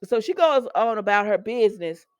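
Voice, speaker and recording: A woman's voice: mid-range voice, expressive, moderate pace, clean tone, no echo. A woman recapping a soap opera episode in a casual, chatty way, making asides to her viewers.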